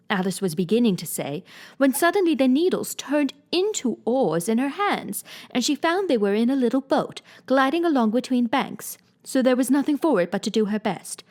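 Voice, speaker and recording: A woman narrates a classic storybook aloud, her fairly high voice rising and falling with animated expression. She reads in a gently dramatic style. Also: moderate pace. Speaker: reader.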